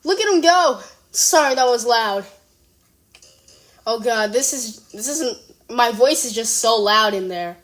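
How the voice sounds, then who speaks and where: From a room at home, a young speaker with a medium-pitched, slightly bright voice talks unhurriedly and pauses often. This reaction video creator rambles through casual commentary, giggling, exclaiming in surprise, and correcting themselves.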